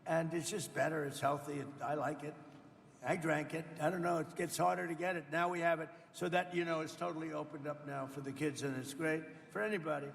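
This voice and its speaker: Older man in his seventies with a rather high voice and a gravelly edge, speaking off the cuff and rambling. His talk is boastful and repetitive, full of asides to the audience. The sound rings with the long reverb of a hall. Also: steady tone, fairly quick. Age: 70s. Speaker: politician speaking at a roundtable. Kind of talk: off-the-cuff public speech. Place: event room with people around a table.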